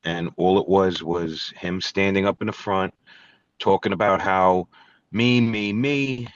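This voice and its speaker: A man's voice: deep voice, steady tone, a little slow, no echo, lo-fi sound. A man, a guitarist guest, telling stories in a blunt, profane, ranting way in a casual interview.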